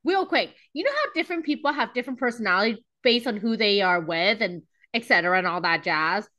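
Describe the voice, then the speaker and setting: A woman's voice: medium pitch, animated, fast talker, pushed and bright. A woman co-hosting a podcast in casual chat, chatty and storytelling, acting out what people say. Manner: chatty, storytelling, acts out quotes. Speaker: podcast co-host.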